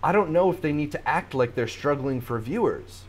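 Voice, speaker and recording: A man's voice: on the high side, lively intonation, moderate pace. A man hosting a casual podcast, talking through long, run-on points about awards shows. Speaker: podcast host.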